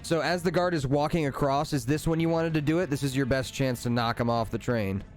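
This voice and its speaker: Male game master, mid pitch, relaxed narration and rules calls, faint music bed. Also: fairly quick.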